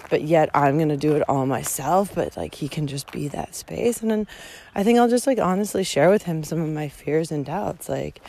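A woman's voice: sits low, expressive, normal speed, vocal fry, mellow. A woman talking through a personal monologue outdoors, candid and emotional, with frequent swearing and fillers. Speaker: podcast host hiking a long-distance trail.

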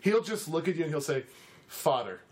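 A man's voice: fairly high pitch, fast talker. A man running a tabletop role-playing game as game master, loose and joking between rulings. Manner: laughing, loose and animated.

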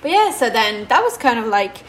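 Young woman, casual storytelling, slightly high voice, says "like" a lot. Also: sing-song, fairly quick, slight background noise, poor audio. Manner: chatty, says "like" constantly. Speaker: vlogger.

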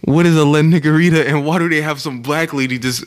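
A man's voice: on the high side, steady tone, fast talker, slight background noise. A young man co-hosting a casual podcast, telling a travel story in a laid-back, rambling way with frequent laughs. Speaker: podcast co-host.

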